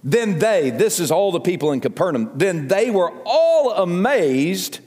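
A man's voice: high voice, big pitch swings, unhurried, few pauses, a little mellow, husky, in a large hall. An older man with a Southern accent preaching a sermon as a pastor, earnest and emphatic, repeating phrases as he builds to appeals. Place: church sanctuary.

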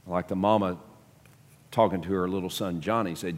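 A man's voice: low voice, steady tone, moderate pace, long pauses, big-room sound. A man preaching a sermon to his congregation, emphatic, often repeating words as he builds a point. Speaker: pastor. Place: church sanctuary.

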